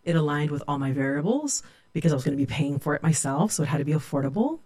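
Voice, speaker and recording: A woman's voice: low voice, lively intonation, quick pace, warm tone. A middle-aged woman from California, a sociology professor, telling her own story in a reflective, candid way. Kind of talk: personal storytelling.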